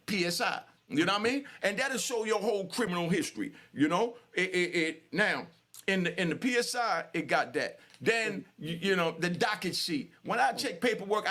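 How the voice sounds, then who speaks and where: Angry and sweating, an older New York man who hosts a channel delivers a heated direct-to-camera talk, repeating himself emphatically and filling his street talk with fillers. His voice runs high for a man and a bit bright, and he is thoroughly worked up.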